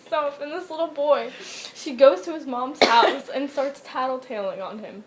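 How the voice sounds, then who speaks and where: A young woman chatting casually, telling animated childhood stories with lots of laughing and some swearing. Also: on the high side, normal speed, noisy background. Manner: animated storytelling, laughing, acts out childhood quotes. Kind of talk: casual chat.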